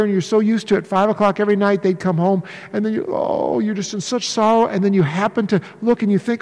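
A man preaching a sermon in an animated way, acting out the voices of the people in his story. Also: high-pitched. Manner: animated, acts out voices of disciples. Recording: long reverb of a large hall.

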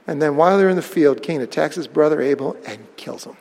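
A man preaching a sermon, telling the story with lively bursts of emphasis. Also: fairly high pitch, a little fast, vocal fry, few pauses, big-room sound. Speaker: pastor.

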